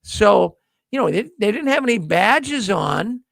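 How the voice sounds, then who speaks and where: A man's voice: high-pitched, sing-song, measured pace, vocal fry, a bit bright, no echo. A middle-aged man hosting a news livestream, talking casually to viewers in a folksy storytelling way and acting out the dialogue he quotes.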